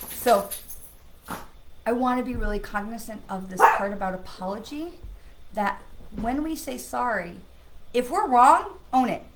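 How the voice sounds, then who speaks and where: A middle-aged woman hosting a live stream as a psychic medium, talking to viewers in an earnest, animated way that often restarts and corrects itself. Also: on the high side, measured pace, pauses often, background noise. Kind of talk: casual live-stream talk.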